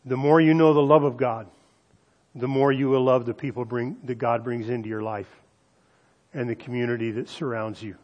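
A male pastor delivering a sermon in a medium-pitched voice. He drags out the phrases he wants to land, then moves on in a conversational tone. He speaks straight to his listeners with asides and questions. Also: fairly even intonation, muffled recording. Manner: emphatic preaching with slowed, stressed phrases and audience asides.

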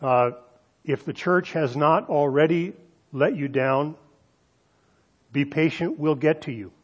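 A male pastor delivering a sermon, slowing down to stress key phrases and speaking directly to the congregation. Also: fairly high pitch, slightly rough, highs cut off. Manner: emphatic preaching with slowed, stressed phrases and audience asides.

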